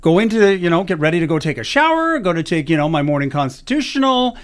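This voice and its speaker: Lively, high-voiced radio host man. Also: fast talker, clean tone. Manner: animated, jokey storyteller. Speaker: radio morning show host. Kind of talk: casual radio chat.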